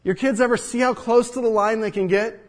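A man's voice: extremely high pitch, steady tone, brisk. A man preaching a sermon as pastor, teaching earnestly, asking rhetorical questions and speaking to the congregation directly. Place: church hall with congregation. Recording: long hall reverb.

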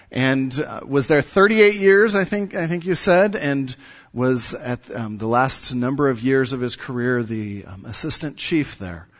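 A man introducing a guest speaker at church, talking in halting bits with many fillers. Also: medium pitch, fairly bright tone, dull audio.

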